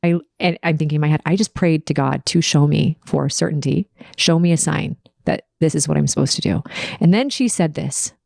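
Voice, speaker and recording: A woman's voice: low voice, a little fast, creaky, a little mellow, dry recording, clean studio sound. A woman hosting a podcast, telling a personal story in an earnest, emotional, confessional way. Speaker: podcast host.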